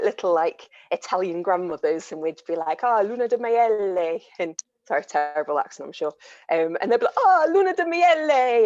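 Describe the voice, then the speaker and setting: Low-voiced woman panelist, chatty storyteller, dry and slightly dull video-call sound. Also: a little mellow, dry recording. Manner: chatty storytelling, laughs often. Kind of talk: online panel chat.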